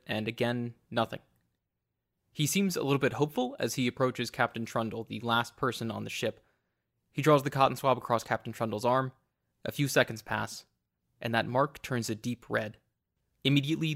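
A man narrating a tabletop role-playing game as game master, lively and playful. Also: mid-range voice. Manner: lively, acts out scenes with laughs.

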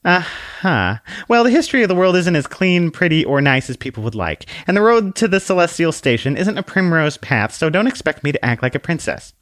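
A man's voice: on the high side, sing-song, brisk, hardly any pauses, a bit bright, no room sound, clean studio sound, pitched above the performer's own voice. A man voicing a sassy, condescending little female book who lectures bluntly.

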